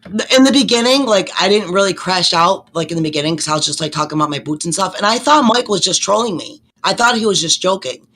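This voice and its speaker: A woman's voice: on the low side, expressive, fast talker, fairly bright tone. A woman in her sixties, a nurse and panelist, rambling through an emotional explanation in casual chat.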